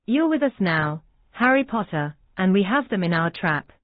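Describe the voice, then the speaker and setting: Casting: woman voicing a smug plotting wizard, measured, tinny and dry. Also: mid-range voice, sing-song, no echo, natural voice. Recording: dry, tinny phone-like sound.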